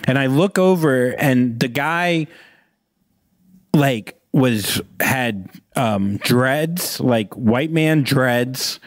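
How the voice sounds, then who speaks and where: A man's voice: mid-range voice, very slow, no room sound. Rambling storyteller man, dry studio sound. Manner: rambling, animated anecdote with acted-out quotes. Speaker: podcast guest. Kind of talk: casual storytelling.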